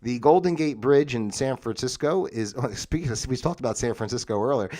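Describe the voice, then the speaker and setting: A man's voice: mid-range voice, animated, a little fast, warm tone. Rambling, jokey middle-aged man on a livestream. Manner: rambling, jokey, self-interrupting. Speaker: livestream host. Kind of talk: casual livestream chat reading facts. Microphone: phone.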